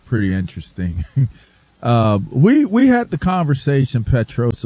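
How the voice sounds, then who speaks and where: A man's voice: medium pitch, sing-song, slow pace, mellow, no room sound. A male podcast host asking questions in a laid-back, sarcastic way. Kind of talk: casual interview chat.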